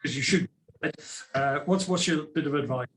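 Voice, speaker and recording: A man hosting an online business panel on a video call, chatty, with quick asides and repeated words. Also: medium pitch, fairly bright tone. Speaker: webinar host.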